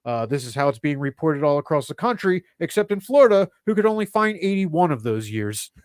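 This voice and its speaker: A middle-aged comedian reads off news one-liners in a dry, deadpan style, his voice sitting slightly high for a man. The recording is close and dry, with no room around it. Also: fairly quick, smooth, no echo. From Philadelphia area. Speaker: podcast co-host. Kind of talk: casual comedy podcast chat.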